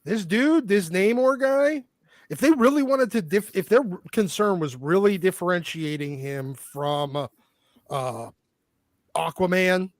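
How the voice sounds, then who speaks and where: A man's voice: sits high, expressive, measured pace, dry recording, clean studio sound. A man on a comics panel, talking emphatically and swearing when riled. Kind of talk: casual panel chat.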